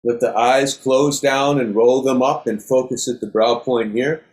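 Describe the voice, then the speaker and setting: Calm middle-aged male yoga teacher, steady instructive cues, mid-pitched voice. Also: a little slow. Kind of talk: guided breathing class.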